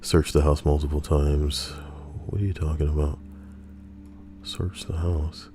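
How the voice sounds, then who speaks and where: A man's voice: very deep voice, flat delivery, unhurried, background noise. A man hosting a livestream, reading posts aloud and riffing on them with crude, sarcastic commentary into a close desk mic. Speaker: livestream host.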